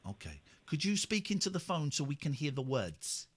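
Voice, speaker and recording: A man hosting a late-night radio phone-in from a studio, mocking and teasing callers with bursts of shouting. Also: a little high, big pitch swings, moderate pace, husky. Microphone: studio microphone.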